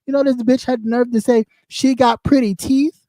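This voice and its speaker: A man's voice: very high-pitched, fairly even intonation, a little fast, mellow, no echo, studio quality. A man ranting on a livestream, mocking and heated, swearing constantly. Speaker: livestream host. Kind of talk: profane livestream rant.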